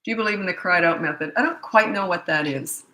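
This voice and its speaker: Fielding viewer questions, a middle-aged parenting coach talks fast in a low-leaning, pushed and bright voice. She's chatty and rambling, frequently starting sentences over, and the room she's in is roomy and echoey.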